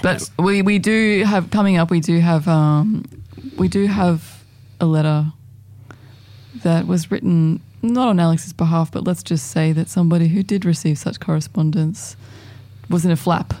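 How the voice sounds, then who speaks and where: A woman's voice: on the low side, moderate pace, dark tone, no room sound. A woman hosting a casual radio chat show, talking in a playful, teasing way. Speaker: radio host.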